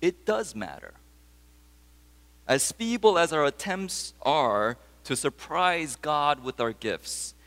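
With a fairly high, fairly bright voice, a man preaches a sermon, weaving in stories and putting questions to the congregation. He is a pastor, and a long reverb tail follows his words.

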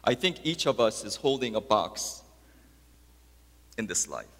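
A man preaching a sermon as pastor, dropping soft and low, then rising to loud, high emphatic peaks. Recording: long hall reverb.

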